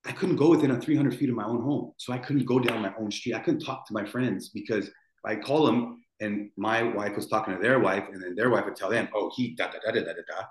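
A man's voice: on the low side, fairly quick. A man in his forties, a podcast guest telling a painful story in a rambling way, restarting and repeating his words. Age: 40s. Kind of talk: emotional storytelling. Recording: roomy echo.

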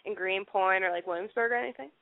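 A woman's voice: mid-range voice, fast talker, no echo. A woman in her twenties calling into a podcast, shy and hesitant, with lots of fillers. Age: 20s. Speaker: caller. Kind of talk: casual phone call. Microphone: phone. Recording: dry tinny phone line.

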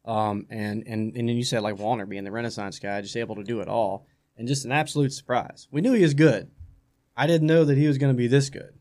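Speaking at a slightly quick pace in a medium pitch, a studio radio host chats loosely about sports, wandering off topic and doubling up his words when excitement kicks in.

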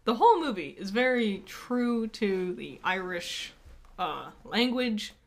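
A woman's voice: medium pitch, lively intonation, takes it slowly, vocal fry. A woman co-hosting a casual podcast, chatty and laughing often as she talks. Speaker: podcast co-host. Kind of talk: casual chat.

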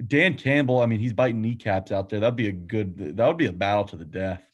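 Husky-voiced man bantering on a podcast. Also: lowish voice, fairly quick. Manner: wry, joking banter. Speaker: podcast co-host. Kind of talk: casual sports chat.

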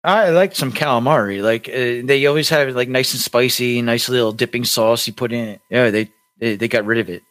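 A man's voice: mid-range voice, a little fast, hardly any pauses, fairly bright tone. A young man co-hosting a podcast, telling a rambling story with many restarts. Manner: rambling, lots of likes and restarts. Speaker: podcast co-host.

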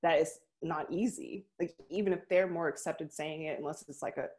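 A woman's voice: sits low, a little fast, darkish tone. A young woman in casual conversation, talking reflectively and laughing readily.

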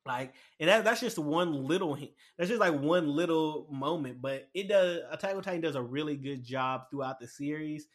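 A man chatting casually and excitedly about a show, rambling with lots of fillers and restarts. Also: on the high side, normal speed, few pauses. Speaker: anime commentator. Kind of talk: casual chat.

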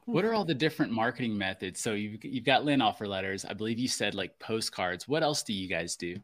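Man, podcast co-host, bright tense tone, very lively pitch, excitable, laughs a lot. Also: fairly quick. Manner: excitable, swears, laughs often. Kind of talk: casual podcast interview.

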